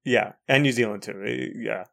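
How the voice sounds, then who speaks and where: A woman's voice: rumbling low, normal speed, creaky. A woman co-hosting a podcast in casual chat, teasing and chatty, with many fillers. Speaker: podcast co-host.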